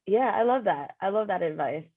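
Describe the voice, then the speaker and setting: A woman's voice: medium pitch, lively intonation, a little fast. A woman hosting a podcast interview, reflective and affirming, often saying "you know". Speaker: podcast host. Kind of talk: conversational interview. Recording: phone-like narrow sound.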